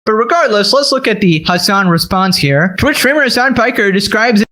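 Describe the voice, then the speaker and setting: High-voiced sarcastic male commentator. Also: expressive, moderate pace, bright, forceful tone. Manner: sarcastic, profane, scornful. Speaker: commentary YouTuber. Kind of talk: reaction commentary.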